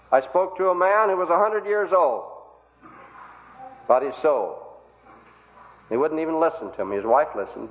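A man preaching an evangelistic sermon, pleading earnestly with the congregation through rhetorical questions. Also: a little high. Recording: tinny phone-like old recording.

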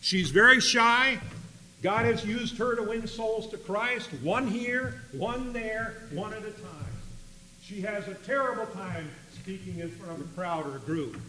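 Guy preaching, story mode, bright ringing voice, big echoey hall with a faint hum behind. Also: high-pitched, measured pace. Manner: swings between loud emphatic bursts and quiet asides. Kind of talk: sermon storytelling.

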